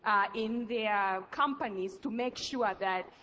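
A woman from an advocacy coalition, asking the panel a question at an audience microphone in a polite, measured way. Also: on the high side, bright, forceful tone, lo-fi sound, slight background noise. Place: large conference hall. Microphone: audience floor microphone.

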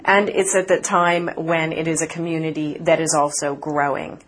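A woman reporter answering interview questions in an articulate, measured way, with occasional fillers. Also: low voice, level tone. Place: conference city, remote from host.

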